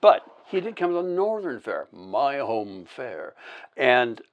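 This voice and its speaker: A man with a mid-range voice chatting on a podcast set, spinning an anecdote. He swears casually, stumbles and restarts, and punches up his story with sound effects and shouted quotes. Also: mid-range voice, sing-song, slow, lo-fi sound. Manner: profane, full of restarts.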